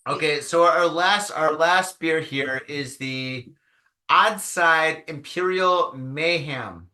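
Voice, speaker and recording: A man from Michigan hosting a podcast, telling stories in an animated, casual way. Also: on the high side, slow pace. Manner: animated storyteller. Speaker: podcast host. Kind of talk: casual chat.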